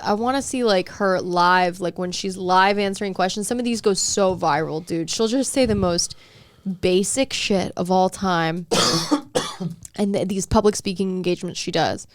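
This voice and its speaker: A woman's voice: mid-range voice, normal speed, no room sound. Sarcastic woman podcast co-host. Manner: sarcastic, opinionated, reads comments aloud. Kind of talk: casual chat.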